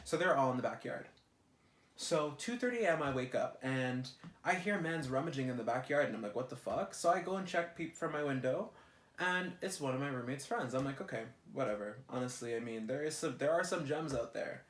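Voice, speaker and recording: A young man tells a vlog rant at an animated, exasperated pitch, cursing freely. His voice sits at a medium pitch. The room around him rings with a noticeable echo. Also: brisk. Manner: animated, exasperated, heavy swearing. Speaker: vlogger. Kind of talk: ranting vlog monologue. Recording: roomy echo.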